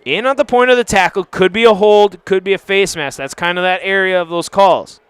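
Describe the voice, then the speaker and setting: Bright, high-voiced male football announcer. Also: clean tone, no room sound. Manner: brisk and chatty, surging to shouts on big plays. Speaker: play-by-play announcer. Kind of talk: live high school football commentary.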